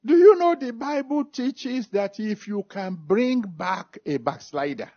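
A man's voice: high voice, animated, measured pace, mellow. A man preaching a sermon, stressing and repeating scripture references, then leading an altar call and prayer. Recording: dull lo-fi recording.

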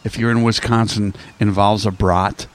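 A man's voice: on the low side, normal speed. A man telling a funny travel story in casual chat, laughing often and restarting his sentences. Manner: animated, laughing, lots of restarts.

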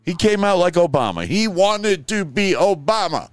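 An older man hosting his own show, ranting in casual talk and swearing freely, dropping to a mutter and then flaring up loud. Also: high-pitched, big pitch swings, normal speed, smooth, dry recording. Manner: profane, rambling, swings from mutter to loud outburst. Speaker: show host.

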